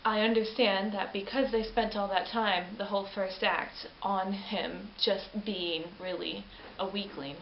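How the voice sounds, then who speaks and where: A woman's voice: medium pitch, fairly even intonation, a little slow, few pauses. A chatty woman vlogger rambling through a casual film review, often doubling back to correct herself. Her voice sits in a middling range and sounds lo-fi and slightly muffled. The room is echoey, with a faint hiss behind her. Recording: roomy, dull lo-fi webcam audio with faint hiss.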